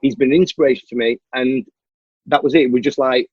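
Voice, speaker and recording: A stuntman and martial artist, appearing as an interview guest, tells a long story animatedly and acts out the dialogue. His voice is mid-range, fairly quick and a bit breathy, with no room sound, and the audio is dull, dry and lo-fi.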